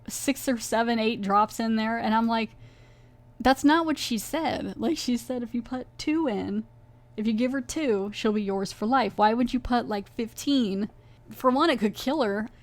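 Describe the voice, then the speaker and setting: A woman podcast host recapping a horror episode in a chatty, casual way, acting out the characters' lines as she goes. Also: mid-range voice. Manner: chatty, acts out lines in quick voices.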